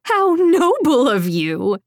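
A woman's voice: medium pitch, slow pace, creaky, mellow, slightly rough, no echo, studio quality, exaggerated voice. A woman voicing a vengeful female villain who taunts and hisses at her prey. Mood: menacing. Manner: taunting, hissing, singsong.

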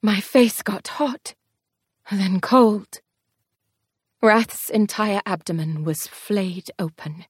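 A woman's voice: mid-range voice, takes it slowly, pauses often, slightly rough, dry recording, studio quality. A woman narrating a first-person fantasy story in an audiobook, telling it expressively. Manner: expressive, tense storytelling pace shifts.

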